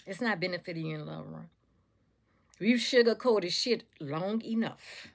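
Woman, motivational talk, preachy, repetitive, calls listeners baby. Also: medium pitch. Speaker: motivational speaker and author.

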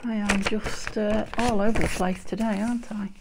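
A woman from the UK chatting casually as she works on a craft project, dropping into soft murmurs as she works. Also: mid-range voice, fairly even intonation, normal speed, heavy background noise. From United Kingdom. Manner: chatty, self-mocking, drops into soft murmurs while working. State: slightly out of breath from heat. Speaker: craft vlogger. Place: home craft room with door shut.

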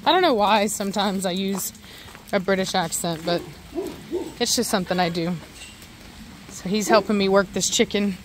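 Outdoors in a yard with a garden and livestock, a woman casually vlogs as she does farm chores with her dogs, chatty and rambling. Her mid-range voice keeps a moderate pace with long pauses, and background noise is present.

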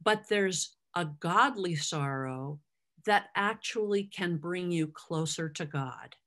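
A woman's voice: on the low side, slow pace, fairly bright tone. A middle-aged woman giving a conversational Bible teaching, acting out the lines she quotes.

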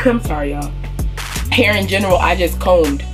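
A woman's voice: on the low side, slow pace, music in the background. Chatty young woman with a cold. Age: young adult. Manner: chatty, animated, addresses viewers as y'all. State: getting over a cold, coughing. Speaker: beauty vlogger. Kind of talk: casual story time.

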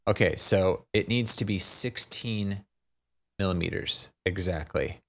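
A man talking through a software tutorial, thinking aloud, fumbling and poking fun at himself. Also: deep voice, measured pace, gravelly. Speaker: tutorial maker. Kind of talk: unscripted screen-recorded tutorial.

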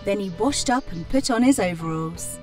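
A woman reading a children's farm story aloud, plainly and clearly. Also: mid-range voice, lively intonation, dark tone. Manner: slow, clear, plain reading with animal sounds. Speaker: storybook reader. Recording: voice from a distance, music behind. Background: children's music.

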